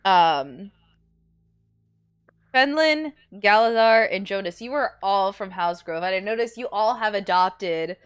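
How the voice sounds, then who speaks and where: A woman's voice: medium pitch, lively intonation, measured pace, smooth, no room sound. Casual woman running a tabletop game. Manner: casual, laughing often. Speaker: game master.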